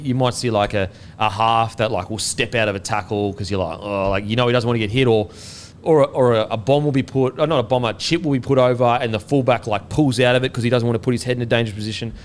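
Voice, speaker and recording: Man, podcast host, casual footy talk, relaxed, faint rumble behind. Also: fast talker. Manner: relaxed, swears casually, stumbles over names. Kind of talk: casual sports chat.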